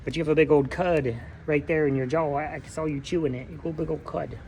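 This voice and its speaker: A man's voice: fairly high pitch, fairly even intonation, a little fast, a little mellow, slight background noise. A farmer vlogging in a goat barn, chatting playfully and cooing baby talk at his goats. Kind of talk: casual vlog chat with farm animals.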